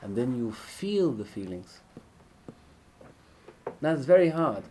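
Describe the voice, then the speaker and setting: A man leads a casual Torah class on prayer, his delivery lively and full of rises and falls in pitch. He keeps checking in with his listeners and drops to near-whispers before jumping back up to loud, chanted lines. A faint background noise sits under the recording. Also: slow pace. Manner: conversational, asks listeners questions often. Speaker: Torah teacher.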